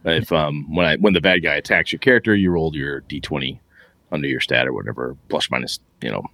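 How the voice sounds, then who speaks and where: A man's voice: rumbling low, quick pace, no room sound. A middle-aged man co-hosting a podcast, telling stories in casual chat and acting out what others said. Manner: animated storyteller, acts out quotes. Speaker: podcast co-host.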